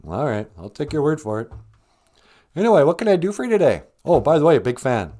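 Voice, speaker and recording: A man's voice: a little high, sing-song, brisk, dark tone. A man with a Minnesotan accent hosting a comedic podcast, chatty and upbeat, laughing easily. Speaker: podcast host.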